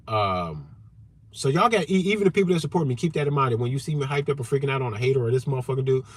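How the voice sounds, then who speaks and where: A man hosting a livestream rant from his car, loud and animated, cussing heavily and repeating himself to drive points home. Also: medium pitch, slight background noise. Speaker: channel host.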